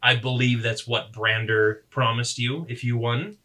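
A stern, older orc who teaches martial arts, as a man puts him on. He speaks in a measured, reproving way with a bright and forceful voice. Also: mid-range voice, steady tone.

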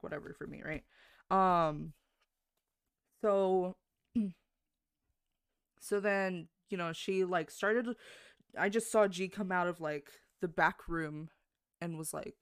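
Co-host, casual rambler, clear smooth tone, mid pitch, dry close mic. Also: no echo. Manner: rambling, many fillers and self-corrections; swears casually. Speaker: podcast co-host. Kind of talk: casual storytelling.

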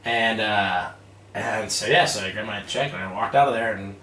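Guy in his 30s spinning a story, gets loud and laughs a lot, sounds far off in an echoey room. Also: on the low side, normal speed. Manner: animated storyteller, acts out quotes, laughs often. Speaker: guest, army veteran turned real estate investor. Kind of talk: casual storytelling interview. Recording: roomy, distant mic with faint noise.

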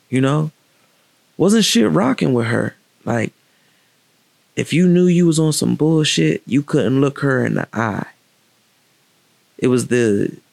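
A man telling a personal story in a candid, reflective, casual way, with halting restarts and pauses. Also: medium pitch, vocal fry, a little mellow, dry recording.

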